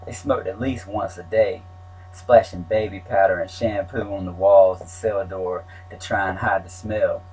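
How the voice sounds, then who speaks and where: A man's voice: sits low, fairly even intonation, measured pace, darkish tone, soft background music, poor audio. A man reading his own story aloud in a plain, wry telling. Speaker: memoir narrator.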